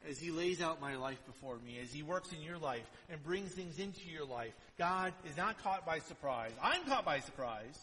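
Animated high-pitched preacher in a hall. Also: male voice, slight background noise. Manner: lively storytelling, acts out quotes. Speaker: pastor. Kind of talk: sermon.

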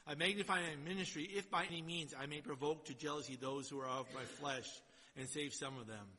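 A man preaching a sermon and reading scripture aloud, swinging between loud exhortation and quiet, low asides, in a church. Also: fairly quick. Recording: long hall reverb.

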